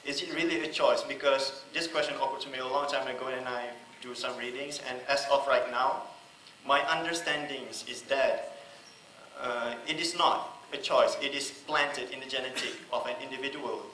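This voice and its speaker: A man's voice: mid-range voice, steady tone, moderate pace, pushed and bright. A young male law student asking a polite, hesitant question from the floor of a debate. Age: young adult. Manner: hesitant, many fillers, polite. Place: large echoey hall. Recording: echoey hall with faint background noise.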